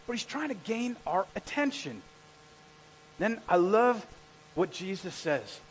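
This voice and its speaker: A male pastor preaching a sermon with a husky voice, telling stories in an animated way and shouting out the lines he quotes. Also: high-pitched, measured pace, slight background noise. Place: church hall. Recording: echoey hall.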